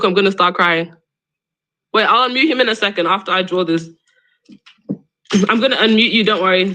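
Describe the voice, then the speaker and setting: A young woman hosts a live debate stream, sounding argumentative and exasperated as she presses the same question over and over. Her mid-range voice has a sharp tone, and the audio quality is poor.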